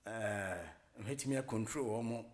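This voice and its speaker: A middle-aged man with a Ghanaian accent hosting a radio talk show, rambling casually, mixing English with Twi and filling pauses with many hesitations. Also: lowish voice, steady tone. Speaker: radio host.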